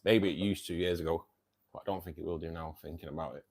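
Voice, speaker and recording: A man's voice: low voice, steady tone, quick pace, a little mellow. A man hosting a casual livestream. He reads out viewers' chat, says "mate" a lot and laughs often. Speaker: livestream host reading chat.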